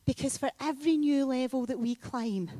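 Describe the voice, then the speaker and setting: A woman preaching a sermon in a church, telling a story with lively bursts of loud emphasis. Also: sits high, normal speed, dry recording. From Scotland. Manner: animated storytelling with sudden loud peaks.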